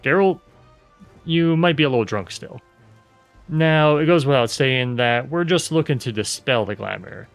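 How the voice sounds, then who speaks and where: Man doing a tipsy rustic craftsman for a game: gravelly, folksy, theatrical, faint music underneath. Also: mid-range voice, close to an everyday voice. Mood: cheerful. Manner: folksy dialect, drawn-out theatrical delivery.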